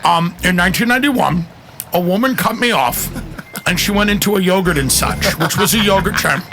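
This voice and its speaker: A man's voice: sits high, a little fast, bright, forceful tone, a little hiss or hum. A man voicing a sheepish man confessing on a video, rambling and addressing his mom. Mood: mock apologetic.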